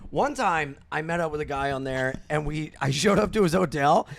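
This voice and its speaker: Animated man telling raunchy stories. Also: a little high, normal speed, vocal fry. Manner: animated, laughing, acts out voices, profane. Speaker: guest comedian. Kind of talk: comic storytelling on a podcast.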